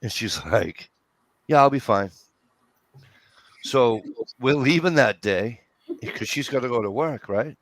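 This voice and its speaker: A man casually telling a story among friends, profane and animated, acting out what everyone said. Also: mid-range voice, unhurried, dry recording. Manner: profane, animated storyteller who acts out quotes. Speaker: host.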